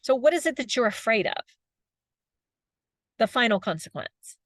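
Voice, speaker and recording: A woman's voice: fairly high pitch, animated, normal speed, no echo. A middle-aged woman giving a motivational talk as a coach, chatty, laughing often and tagging her points with "right?".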